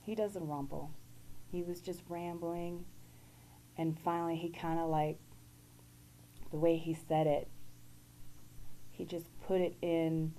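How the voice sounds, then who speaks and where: A woman guest giving an earnest, halting personal testimony. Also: fairly low pitch, little pitch movement, dark tone, slight background noise, poor audio.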